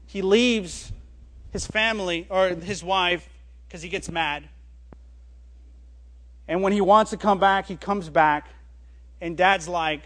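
A man preaching a sermon as a pastor, telling a story with animated rises and quiet, low drops on key words. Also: slow, long pauses.

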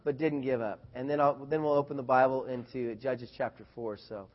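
A man preaching a sermon, telling a personal story in an animated, excited way and growing loud at its high points. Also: a little fast, highs cut off. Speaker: pastor.

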